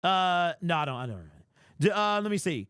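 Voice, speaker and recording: A man with a high voice hosts a casual fan live stream, reacting to chat in an animated, teasing way. The sound is dry and close. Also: moderate pace, smooth, dry recording. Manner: animated, mock-indignant, teasing. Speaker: fan livestream host.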